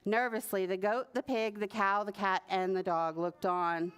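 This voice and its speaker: A woman librarian reading a picture book aloud at a preschool story time, animated and sing-song, with playful animal noises. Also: medium pitch, moderate pace, clear, resonant tone. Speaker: children's librarian.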